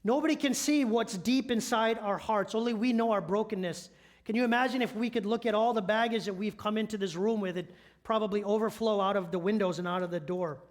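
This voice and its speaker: High-voiced man preaching a sermon. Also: fairly quick. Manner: conversational storytelling, rhetorical questions. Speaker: church elder preaching.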